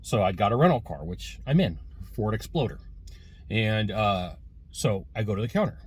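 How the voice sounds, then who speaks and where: A man's voice: lowish voice, lively intonation, normal speed, breathy edge. Rambling male sales trainer telling a story. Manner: casual, rambling, many fillers and restarts. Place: in a car.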